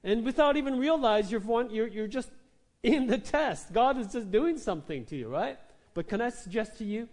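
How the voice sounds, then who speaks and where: A man with a high voice preaches with animated energy. He tells his story vividly and acts out the people in it. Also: moderate pace. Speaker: pastor. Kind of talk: sermon.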